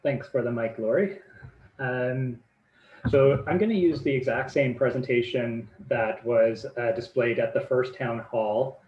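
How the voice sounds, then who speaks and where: A man's voice: mid-range voice, a little slow. A man talks through slides in an informal, loose way, full of fillers and repeated words. His voice comes through dull, muffled video call audio that echoes in the room. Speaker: presenter. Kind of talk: informal presentation.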